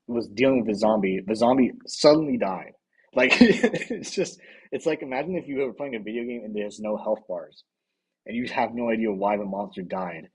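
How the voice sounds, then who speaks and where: A man's voice: lowish voice, darkish tone, husky, poor audio. A man streaming casual commentary, rambling, laughing often, swearing and answering the chat aloud.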